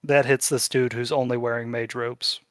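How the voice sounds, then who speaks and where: A man's voice: medium pitch, flat delivery, moderate pace, a bit bright, no room sound, studio quality. A man running a tabletop game as game master, narrating in a casual style and swearing freely.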